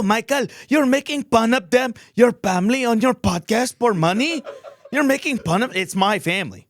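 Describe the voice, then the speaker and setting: A man's voice: medium pitch, dry recording, studio quality. A man hosting a solo comedy podcast, telling stories in a rambling, profane, blunt way.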